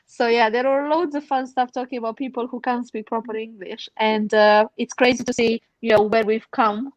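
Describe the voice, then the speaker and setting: A woman's voice: a little high, steady tone, brisk, hardly any pauses, no room sound, rough recording. A woman on a podcast panel, animatedly retelling a story and acting out the people in it.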